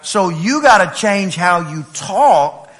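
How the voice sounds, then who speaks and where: A man from East Texas with an East Texas accent, preaching a lively sermon and telling playful stories to his congregation. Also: high-pitched, slow pace. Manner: animated, playful storytelling with laughs and shouts. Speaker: pastor.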